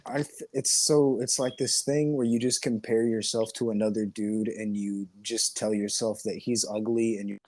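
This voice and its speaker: A man's voice: fairly low pitch, fairly even intonation, normal speed, few pauses, a little mellow, no room sound, poor audio. A man co-hosting a podcast in casual chat, telling rambling, profane stories. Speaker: podcast co-host.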